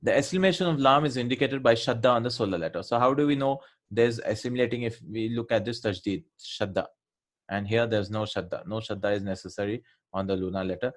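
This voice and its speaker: A man of middle pitch teaches a revision lesson on Arabic letters. He explains step by step in a patient classroom manner and keeps checking in with his students as he goes. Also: fast talker. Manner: explanatory, checks in with "right?" often.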